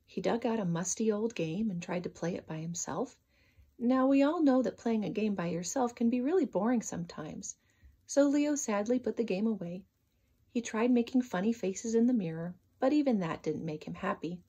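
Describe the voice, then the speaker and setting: Storyteller, female, breathy and expressive, reading children's books aloud. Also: mid-range voice, moderate pace, muffled recording. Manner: expressive, sing-song narration.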